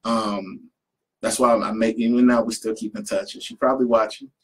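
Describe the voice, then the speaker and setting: Low-voiced man telling animated stories. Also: brisk, husky, low-quality recording. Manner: animated storyteller who acts out quotes. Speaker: poet and youth program leader. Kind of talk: casual conversation, storytelling.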